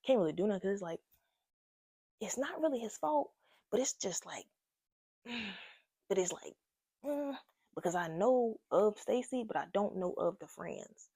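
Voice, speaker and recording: A young woman telling a casual storytime to her viewers, animated and slangy, talking straight to the camera. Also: mid-range voice, measured pace, vocal fry, pauses often, husky, no room sound, clean studio sound. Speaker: vlogger. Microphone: own microphone.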